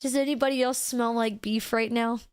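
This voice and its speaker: A woman's voice: fairly high pitch, fairly even intonation, normal speed, background noise. A woman streamer chatting casually and playfully with her chat, laughing often. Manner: giggly, playful, talks to chat. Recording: stream with background music.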